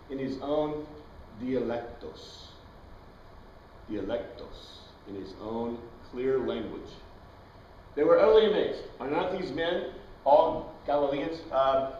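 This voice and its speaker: A man's voice: fairly high pitch, a little mellow, slight background noise. Chatty male teacher in an echoey room. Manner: chatty, tosses questions to the class, wanders into tangents. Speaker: Bible class teacher. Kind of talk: informal Bible lecture. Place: classroom with students. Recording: dull, echoey room recording from far off.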